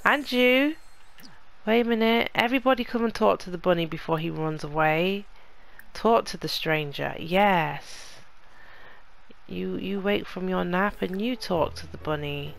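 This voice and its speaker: A woman's voice: on the low side, measured pace, gravelly. A woman hosting a let's play, chatting casually to the characters in her game as she plays. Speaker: gaming channel host.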